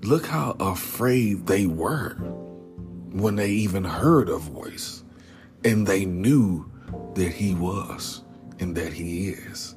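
Man, very low voice, slow unhurried delivery, earnest devotional talk, whispers key words, says "man" a lot, clear music behind. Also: expressive, a little mellow. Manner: casual, repeatedly says "man". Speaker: Christian speaker.

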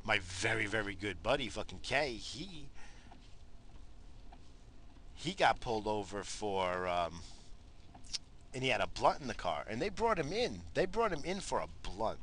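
A man's voice: fairly low pitch, big pitch swings, a little slow, pauses often, fairly bright tone, slight background noise. A middle-aged man from New York, rambling casually and profanely in his car, laughing as he tells stories. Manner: profane, laid-back, laughing storyteller. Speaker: vlogger. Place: parked car.

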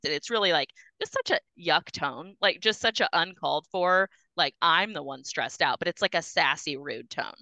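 A woman host talks on a faith podcast, warmly affirming and chatty with her guest. Her voice sits on the low side yet sounds bright and clear. The recording is dry and close. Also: no room sound, rough recording. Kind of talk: casual faith talk.

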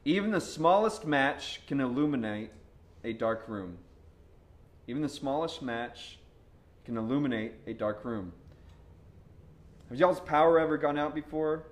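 Young man preaching, casual and lively storytelling, mid-pitched voice, slangy, breaks into shouts. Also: a little slow, pauses often. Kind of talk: sermon.

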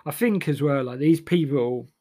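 A man's voice: a little high, moderate pace, mellow. A man delivers a sardonic, rambling comic monologue full of restarts.

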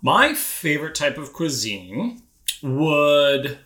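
An enthusiastic man co-hosting a casual podcast, his pitch swinging up and down in a lively way. His voice is bright and sits a little high, and it echoes in a roomy space. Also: slow pace. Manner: enthusiastic, savoring food talk. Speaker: podcast co-host. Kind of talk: casual chat.

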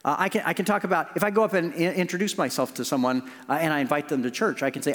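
Earnest high-pitched preacher in echoing hall. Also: male voice, fairly even intonation, very fast, few pauses, a bit bright. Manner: earnest, conversational preaching with restarts. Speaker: pastor. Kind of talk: sermon.

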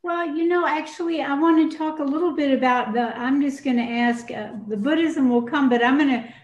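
A woman's voice: high-pitched, a little fast, dull audio. An older woman from Atlanta, a priest and former university chaplain, telling stories in a reflective, conversational way. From Atlanta, USA. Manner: storytelling, animated with laughs. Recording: roomy echo.

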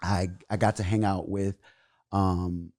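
A young adult man, a comedian guest, telling a story in a casual, animated way, his voice jumping loud and high when he acts out scenes. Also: takes it slowly.

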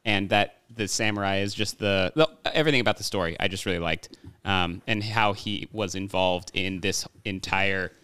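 A man's voice: lowish voice, fairly bright tone, smooth, no echo. A man hosting a casual film-review podcast who talks with enthusiasm and laughs easily. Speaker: podcast host.

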